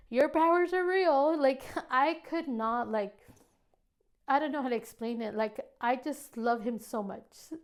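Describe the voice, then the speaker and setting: A woman in her thirties giving a casual personal testimony, chatty and full of fillers, acting out quoted dialogue. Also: fairly high pitch. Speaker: testimony guest.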